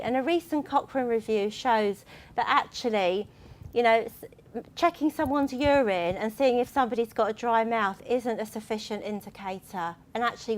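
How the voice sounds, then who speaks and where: A woman presenting her organisation's resources to a live audience, talking in a lively, conversational way and laughing between points. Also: a little high.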